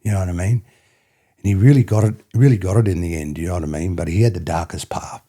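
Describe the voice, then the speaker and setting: Man, Australian accent, middle-aged, deep voice, raspy, rambling casual storyteller, podcast guest. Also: steady tone, quick pace, mellow. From country New South Wales, Australia. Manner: rambling, repeats "you know what I mean". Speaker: podcast guest, former rugby player.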